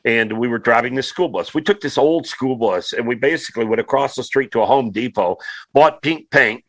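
A man's voice: medium pitch, lively intonation, a little fast, no room sound, poor audio. A middle-aged man, a radio host, in easygoing casual chat who laughs along.

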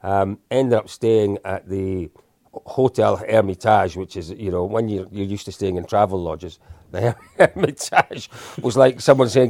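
Creaky-voiced man telling stories. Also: low-pitched, moderate pace, darkish tone, no echo. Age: 50s. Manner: anecdotal, self-deprecating, with frequent restarts and chuckles. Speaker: interview guest. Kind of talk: casual storytelling in an interview.

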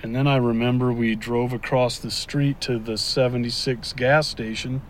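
A man's voice: mid-range voice, flat delivery, normal speed, a little hiss or hum. A middle-aged father in an interview, speaking hesitantly and repeating himself as he recalls events. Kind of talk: casual interview.

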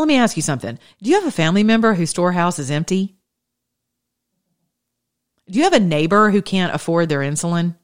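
A woman in her thirties giving an informal, conversational sermon with impassioned, shifting pace. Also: on the low side. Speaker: preacher.

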